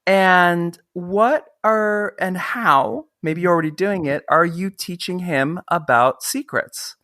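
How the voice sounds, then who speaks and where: An interview host in casual chat who speaks in an affirming, conversational, gently reassuring way. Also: medium pitch, slow pace, no echo, studio quality.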